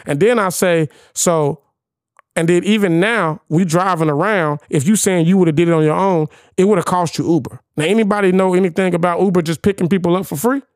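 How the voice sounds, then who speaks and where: A young man hosting a podcast, telling a story in casual chat, animated and profane, firing rhetorical questions at his co-hosts. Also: high-pitched, fairly quick, no echo, clean studio sound. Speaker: podcast host.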